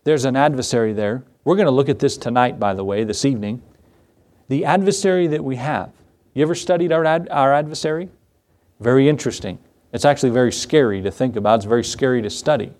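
A man's voice: medium pitch, a little mellow. A male pastor preaching a sermon in a conversational way, with rhetorical questions and repeated phrases.

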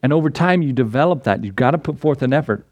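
A man preaching a sermon in a relaxed, conversational way, talking straight to the people in front of him. He acts out the voices of the people in his stories as he goes. His voice sits at an ordinary middle pitch, and the recording is dry and close, with no room echo. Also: fast. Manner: conversational, retells stories with lively acted quotes; talks directly to listeners.

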